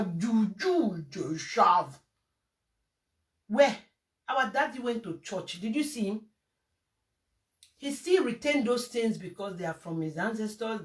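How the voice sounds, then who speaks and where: Speaking in a medium, fairly bright voice, a Nigerian vlogger rants heatedly on video, scolding as she blends Pidgin and Yoruba expressions. The mic is placed well away from her.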